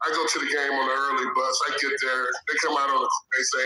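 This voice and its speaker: A man's voice: mid-range voice, flat delivery, quick pace, pushed and bright, a little hiss or hum, low-quality recording. A man from Indiana, a former pro basketball player, telling a loose, laughing story in casual slang during an interview. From Indiana, USA.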